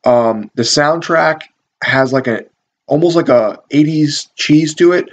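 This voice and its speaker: A man's voice: on the high side, unhurried, highs cut off. Rambling, profane man reviewing a movie. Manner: rambling, profane, amused, many fillers. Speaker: video reviewer. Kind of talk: casual movie review talk.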